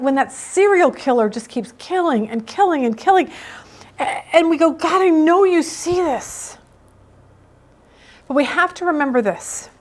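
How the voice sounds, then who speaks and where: A middle-aged woman teaching a Bible study in a casual, emphatic, storytelling way. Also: high-pitched.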